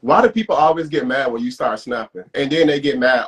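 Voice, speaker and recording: A man's voice: mid-range voice, a little fast. A man co-hosting a live stream, asking questions in casual chat with lots of hesitant fillers. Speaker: co-host on a dual live stream.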